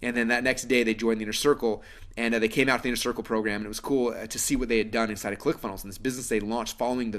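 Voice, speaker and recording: A man hosting a webinar, making an earnest sales pitch with lots of fillers. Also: a bit bright. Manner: fast, earnest, persuasive, many fillers. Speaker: webinar host pitching a course.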